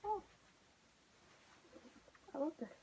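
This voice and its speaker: A woman vlogging an unboxing in her bedroom, gushing excitedly and often dropping to a whisper. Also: slow pace, a little hiss or hum. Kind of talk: casual unboxing vlog. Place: bedroom at home.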